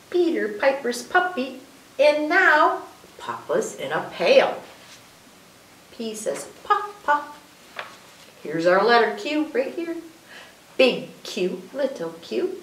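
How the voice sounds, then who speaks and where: A woman reads aloud at a children's story time, her high voice leaping up and down as she sounds out letters and asks the little ones questions. She takes her time, drawing words out in a sing-song way. The mic sits back from her in an echoey room, with a faint hiss underneath. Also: far from the mic. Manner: sing-song, expressive, coaxing questions to young listeners. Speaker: children's librarian reading aloud. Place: library room.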